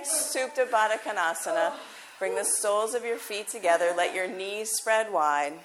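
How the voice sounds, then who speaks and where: A woman yoga teacher giving calm, encouraging cues during a live class in a yoga studio. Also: medium pitch, normal speed, a crowd in the background.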